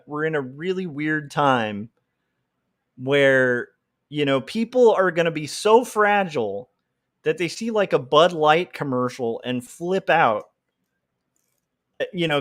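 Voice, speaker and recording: A man's voice: fairly high pitch, lively intonation, a little slow. A man ranting on a casual livestream, heated and rambling, with many filler words. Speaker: comic artist livestreamer.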